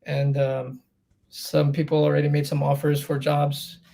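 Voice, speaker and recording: Gravelly man telling his story. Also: a little high, completely flat delivery, measured pace, mellow. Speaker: interview guest. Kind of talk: candid storytelling in a podcast interview.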